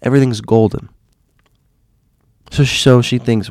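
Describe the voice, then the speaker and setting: A man with a somewhat low voice retells a ghost story in a casual, dramatic way. He leans on rhetorical questions to press his point. The recording is dry and close, with no room sound. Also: animated, normal speed, a little mellow, dry recording.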